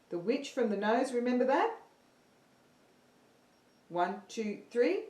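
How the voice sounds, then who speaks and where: A woman's voice: on the high side, sing-song, unhurried, pauses often, a little mellow, reverberant. A woman teaching an online singing lesson, upbeat and counting her students in.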